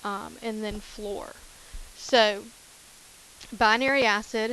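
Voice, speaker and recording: A woman's voice: mid-range voice, fairly even intonation, a little slow, a bit bright, slight background noise, poor audio. A woman teacher talking through chemistry notes in a casual way, repeating key terms with many fillers. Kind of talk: recorded lecture over notes.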